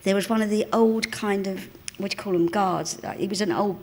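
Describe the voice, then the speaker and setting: A woman's voice: medium pitch, fairly even intonation, a little fast, a little mellow. An older woman in her seventies from the East End of London with a Cockney accent, telling anecdotes in a live on-stage interview and acting out the voices of the people she quotes. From East End of London, England. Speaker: guest actress. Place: cinema auditorium before an audience.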